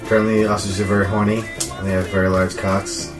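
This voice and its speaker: A man's voice: fairly low pitch, little pitch movement, over music. Giggly man hosting crude comedy banter. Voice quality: loose, giggly, halting. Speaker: comedy podcast host.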